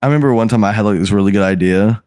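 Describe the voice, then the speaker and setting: A man hosting a casual podcast chat, telling stories in an animated, swearing way and mimicking customers. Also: fairly low pitch, racing, clean tone, no echo. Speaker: podcast host.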